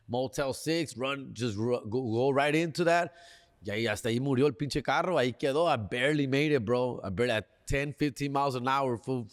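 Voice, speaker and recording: A man's voice: medium pitch, long reverb tail. Slangy Los Angeles man telling a story. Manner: slangy, animated, peppers lines with "fool" and "dog". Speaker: comedian and podcast host. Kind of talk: casual storytelling.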